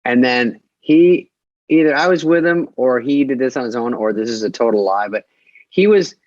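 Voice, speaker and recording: A man's voice: mid-range voice, lively intonation, moderate pace, darkish tone, no echo. A man co-hosting a podcast, telling a rambling story that keeps interrupting itself. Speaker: co-host. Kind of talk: casual podcast chat. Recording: dull, dry muffled mic.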